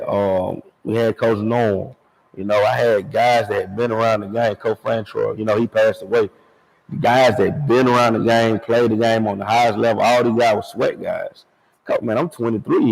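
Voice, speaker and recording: A man's voice: on the low side, vocal fry, a little mellow, poor audio. A football coach talking casually in an interview, telling stories and repeating "man" and "you know.". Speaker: high school football head coach. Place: outdoors at a stadium.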